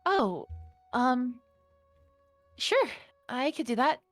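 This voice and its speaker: A woman voicing a nervous young female tavern waitress who speaks politely and haltingly. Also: high-pitched, very animated, no room sound, soft background music, pitched above the performer's own voice, heavily acted. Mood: nervous politeness.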